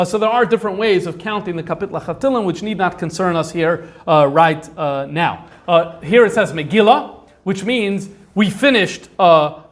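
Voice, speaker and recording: High-voiced man lecturing with many fillers. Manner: conversational, thinks aloud with frequent fillers. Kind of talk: informal lecture on manuscripts.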